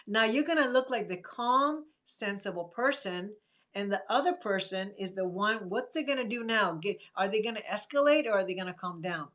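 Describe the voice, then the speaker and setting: A woman's voice: mid-range voice, lively intonation, normal speed, a bit bright. Woman therapist giving live advice. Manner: earnest, answers chat comments by name. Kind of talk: live-stream advice talk.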